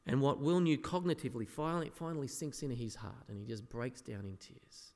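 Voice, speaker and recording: A man preaching an earnest sermon as a pastor, often dropping to a soft, quiet voice. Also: mid-range voice, brisk, vocal fry. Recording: echoey hall with long reverb.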